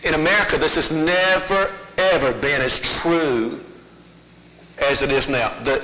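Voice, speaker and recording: A man's voice: fairly high pitch, sharp tone, a little hiss or hum. A middle-aged man preaching a sermon, telling folksy stories and asking rhetorical questions. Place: church sanctuary. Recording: echoey church hall.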